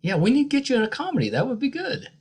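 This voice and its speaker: A man with a West Virginia accent hosting a podcast interview, easygoing and joking, often trailing off softly at the ends of phrases. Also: very high-pitched, huge pitch swings, very fast, slightly rough. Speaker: podcast host. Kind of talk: casual interview.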